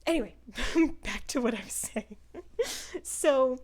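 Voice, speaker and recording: A young woman with a high, darkish voice talks slowly and animatedly, reviewing a book in casual chat. She rambles in a chatty way, packing her speech with "like" and "um."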